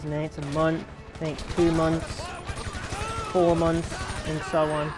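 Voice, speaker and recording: Chatty young British gamer. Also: male voice, fairly high pitch, fairly even intonation, measured pace. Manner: chatty, rambling, answers chat. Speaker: gaming YouTuber. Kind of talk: casual commentary while playing. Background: game music and gunfire.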